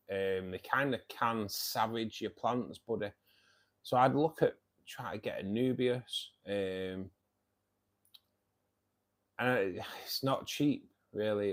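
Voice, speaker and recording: A man hosting a fishkeeping livestream, chatting casually with viewers, joking and laughing often. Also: fairly low pitch. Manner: jokey, laughs often, teasing. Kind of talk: casual chat reading viewer comments.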